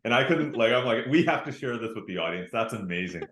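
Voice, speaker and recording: A man's voice: medium pitch, animated, quick pace, fairly bright tone, reverberant. A man hosting a casual interview, friendly and enthusiastic. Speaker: host.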